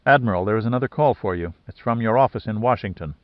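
A man reading the part of a hurried, businesslike male aide. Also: lowish voice, no room sound, close to an everyday voice. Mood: brisk. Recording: dry, slightly dull lo-fi sound.

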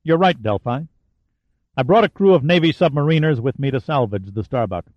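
A man plays a tough male military hero whose speech is dry, sardonic and steady, with a defiant mood. His mid-range voice moves fairly quickly and is lightly acted, on a dry, slightly dull recording with no echo.

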